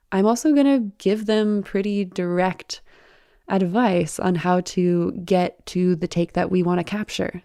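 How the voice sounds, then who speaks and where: A woman's voice: lowish voice, gravelly, clear, resonant tone, no echo, studio quality. A woman, a former audio producer, speaking as an interview guest in a thoughtful, explanatory way. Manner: thoughtful, explanatory, warmly instructive.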